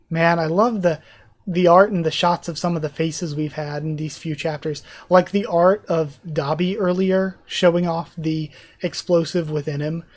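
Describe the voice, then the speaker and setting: Emotional man reading a comic aloud. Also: fairly high pitch. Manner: emotional, stumbles and corrects himself while reading. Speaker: YouTuber.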